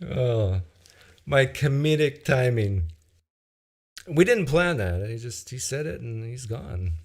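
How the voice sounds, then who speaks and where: A man's voice: mid-range voice, lively intonation, takes it slowly. A man hosting a call-in show, bantering and teasing his guest. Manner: teasing, self-mocking banter. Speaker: host. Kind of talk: casual chat.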